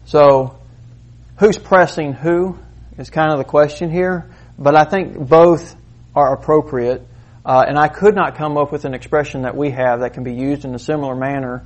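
A man preaching a sermon, moving between quiet asides and loud, emphatic points. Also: fairly high pitch, steady tone, normal speed. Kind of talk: sermon with demonstration.

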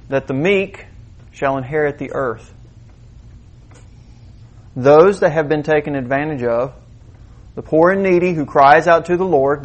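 Animated preacher with a lilt. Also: male voice, a little high. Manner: conversational, animated preaching with direct questions to the congregation. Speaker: pastor. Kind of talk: sermon.

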